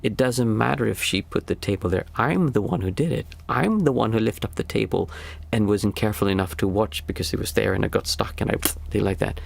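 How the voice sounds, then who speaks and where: Lowish and creaky, a man's voice comes through fairly quickly over slight background noise. The speaker, a young-adult to middle-aged meditation teacher and father of small children, gives an easygoing, reflective livestream talk, searching out loud for the words he wants.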